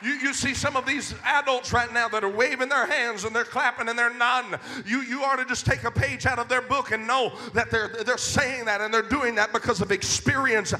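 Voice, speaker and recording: Man preacher, very high voice, bright and tense, fiery youth sermon, shouts then drops to a hush. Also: fairly even intonation, moderate pace, few pauses, faint music behind, some chatter behind. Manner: swings from loud to hushed.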